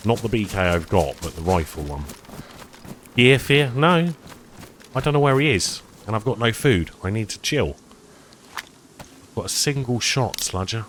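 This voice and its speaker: A man's voice: sits low, noisy background. A man chatting casually to viewers while playing a survival game, self-deprecating and rambling. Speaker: streamer. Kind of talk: casual gameplay commentary.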